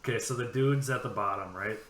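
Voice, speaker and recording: Bright-voiced man telling a rowdy story. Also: on the low side, brisk, reverberant, slight background noise. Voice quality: profane, animated storytelling. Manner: laughs often while telling stories. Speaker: podcast co-host. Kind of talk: casual chat.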